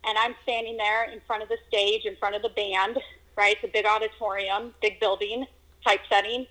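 A woman telling a personal story in a casual conversation, animated and acting out moments with exclamations. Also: medium pitch, normal speed, rough recording. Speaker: guest telling her story.

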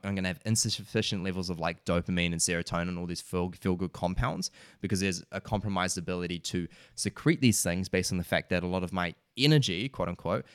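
Deep-voiced New Zealand man, casual guest. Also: a bit bright, clear, resonant tone, dry recording, clean studio sound. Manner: rambling, earnest, lots of filler words. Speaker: podcast guest, wellness coach. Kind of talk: casual podcast conversation.

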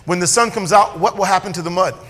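A man preaching a sermon as a pastor, swinging between loud emphatic lines and quiet asides. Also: sits high, fast talker, in a large hall.

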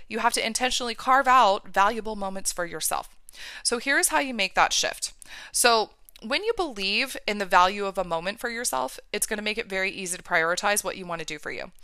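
A woman's voice: mid-range voice, bright, forceful tone, smooth, dry recording. A woman life coach talking on a podcast, emphatic and casual, with the odd swear word.

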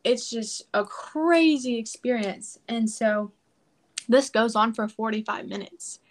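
A woman's voice: on the high side, slow pace. A woman guest on a podcast, telling a personal story in a casual, emphatic way and acting out quoted prayers.

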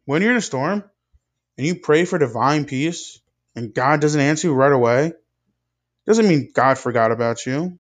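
A young man delivers a scripted devotional message, earnest and measured, with a steady preaching cadence. His voice sits a little high for a man. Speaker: speaker in a devotional video.

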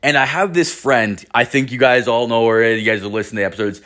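A man's voice: medium pitch, fast, a bit bright. A man hosting a podcast, telling rambling stories in casual, profane slang. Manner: rambling, swears constantly, slangy. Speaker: podcast host.

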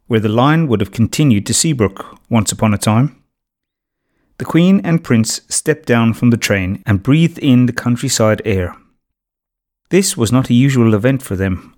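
Male narrator for a children's storybook, measured steady read, medium pitch. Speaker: audiobook narrator.

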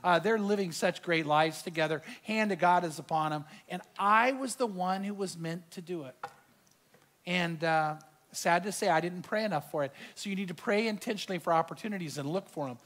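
A middle-aged male pastor delivers a sermon in a fairly high voice. He tells a personal story and acts out the quoted dialogue with animated energy. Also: a little fast.

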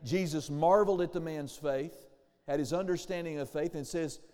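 A man's voice: a little high, normal speed, a little mellow, in a large hall. A man pastor preaching a sermon, calling for amens and acting out the voices he quotes.

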